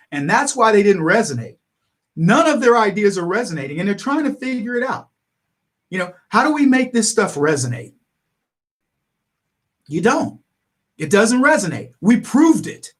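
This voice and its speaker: A man hosting a political livestream, telling stories in an animated way, acting out other people's lines and chuckling between points. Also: high-pitched. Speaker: talk radio host.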